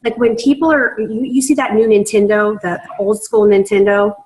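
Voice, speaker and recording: A woman's voice: mid-range voice, normal speed, a little mellow, low-quality recording. Chatty woman leading a training call. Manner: chatty, lots of fillers, laughs easily. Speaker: team leader giving sales training.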